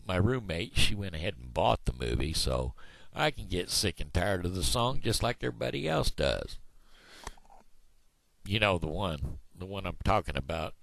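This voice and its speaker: Midwestern man, deep and lively in pitch, folksy meandering vlogger with lots of fillers. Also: creaky, dry recording. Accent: Midwestern American. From Missouri, USA. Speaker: video blogger. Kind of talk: casual rambling vlog.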